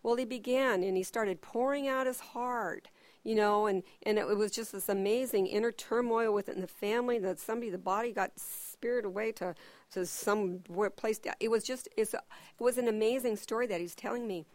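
A middle-aged woman teaching at a church, who tells personal stories in an animated way and acts out what people said. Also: mid-range voice, moderate pace, no room sound.

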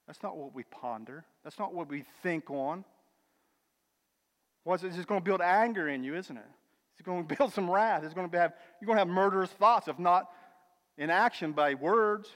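High-voiced preacher in a reverberant hall. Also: male voice, normal speed, long pauses. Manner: emphatic, builds to loud declarations then drops to quiet asides; addresses listeners as brother and sister. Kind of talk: sermon. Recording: long reverb of a large hall.

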